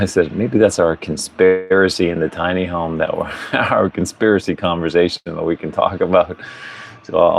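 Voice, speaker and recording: A man with a very low, gravelly voice hosts a relaxed livestream from outside his tiny home. He rambles along, chuckling now and then, with faint outdoor noise behind him. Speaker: podcast host. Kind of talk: casual livestream chat. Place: outdoors at a tiny home under construction, pigs nearby.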